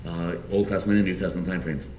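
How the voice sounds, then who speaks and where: A man's voice: sits low, fairly even intonation, fast talker, a little mellow. Pastor guy preaching, earnest and chatty, echoey church, mic kinda far off. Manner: earnest and conversational with asides. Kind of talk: sermon. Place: church sanctuary. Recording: echoey hall, mic at a distance, faint ambience.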